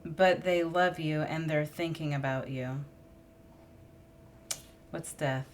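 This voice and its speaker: A woman's voice: low-pitched, fairly even intonation, takes it slowly, a little hiss or hum. A woman reading tarot cards in a casual, musing monologue, thinking aloud and getting emotional as she draws cards. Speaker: tarot reader.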